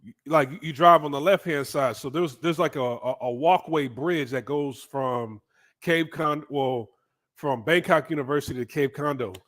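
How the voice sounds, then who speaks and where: Animated, profane storytelling man. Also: a little high, normal speed. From United States. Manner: animated, profane, frequent "right?" asides. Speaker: vlogger. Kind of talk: casual storytelling.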